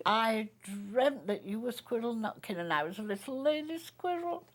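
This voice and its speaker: An older woman from Northern England, an actress, telling stories from her career in an animated conversation and laughing often. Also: on the high side, a little slow. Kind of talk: reminiscing conversation.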